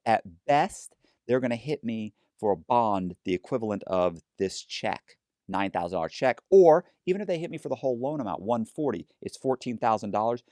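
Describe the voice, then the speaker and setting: A man's voice: lowish voice, expressive, moderate pace, darkish tone, no room sound, clean studio sound. A man telling a story as a podcast guest, acting out both sides of each retold conversation with lots of energy. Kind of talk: animated storytelling in a podcast interview.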